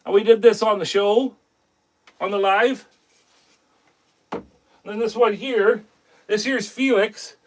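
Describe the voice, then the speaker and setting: Man, high-pitched voice, casual rambling live-stream host, friendly chat with viewers. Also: fairly even intonation, takes it slowly, long pauses, a little hiss or hum. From Canada.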